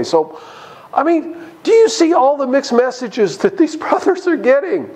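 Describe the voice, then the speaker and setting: Speaking at an unhurried pace in an extremely high voice, this man teaches a church Bible study on a rough recording. He talks straight to the group with lively energy, performing the parts of the people in the scripture.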